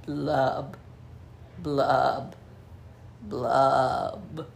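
A woman's voice: level tone, very slow, gravelly, a little hiss or hum, heavily acted. Woman voicing a glum pouting storybook fish. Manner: mopey sing-song rhyming, low blubs. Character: glum gloomy male fish, sulky.

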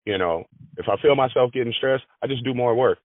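A man's voice: mid-range voice, brisk, dry recording. A man in a conversational interview who repeats and restarts his phrases as he talks. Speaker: granite business manager. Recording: dry, tinny phone-like audio.

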